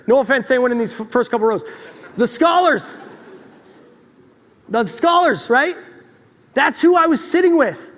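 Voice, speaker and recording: A man with a strikingly high speaking voice tells a motivational story to a live audience, animated and quick to joke at his own expense. His voice carries a long reverb from the hall he speaks in. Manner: animated, joking, self-deprecating. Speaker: speaker at a chiropractic event.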